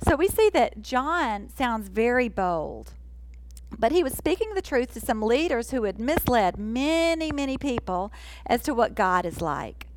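A woman's voice: a little high, sing-song, slight background noise, low-quality recording. Earnest woman preaching a sermon. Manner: earnest, emphatic, slows for key phrases. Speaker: Bible teacher.

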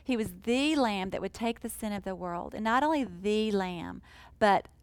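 A woman teaching a sermon in an earnest, emphatic way, slowing down to stress key phrases. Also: mid-range voice, expressive, clear, resonant tone, no echo, low-quality recording. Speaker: Bible teacher.

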